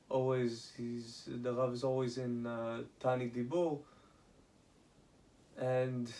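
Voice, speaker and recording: A man casually retelling rabbinic stories, halting, with many restarts and Hebrew terms. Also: medium pitch, a little mellow. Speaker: storyteller.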